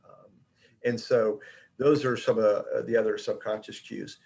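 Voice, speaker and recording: A man's voice: fairly low pitch, steady tone, normal speed, creaky, a little mellow. A middle-aged man giving an informal talk to colleagues as an education director, speaking conversationally with frequent fillers and restarts. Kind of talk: informal presentation.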